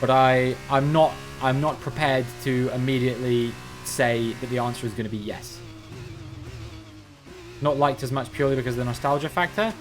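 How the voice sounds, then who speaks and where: A game streamer from Cornwall chats casually in a general Southern English accent. He muses aloud and often restarts his sentences. His voice sits at a middling pitch for a man. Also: fairly even intonation, normal speed, faint music behind. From Cornwall, England. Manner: rambling, musing, frequent restarts. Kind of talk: casual livestream chat.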